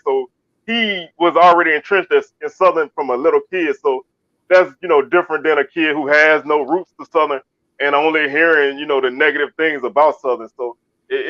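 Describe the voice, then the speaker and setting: A male co-host from Baton Rouge, Louisiana speaks in a fairly high voice during casual sports talk, frequently restarting and repeating himself. The recording is dull, dry, and lo-fi, with no room sound.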